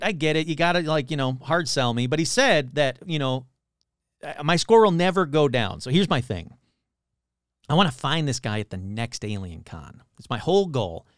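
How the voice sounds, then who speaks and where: Man, casual comic storyteller, rambling with lots of "like", somewhat high voice, bouncy lively pitch, dry sound. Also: normal speed, dry recording. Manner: rambling, full of "like" and self-corrections.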